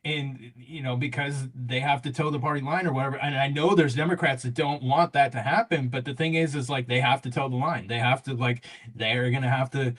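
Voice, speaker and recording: A man's voice: mid-range voice, steady tone, a little fast, few pauses, fairly bright tone. A man talking as a guest in a casual political chat, rambling and repeating "or whatever".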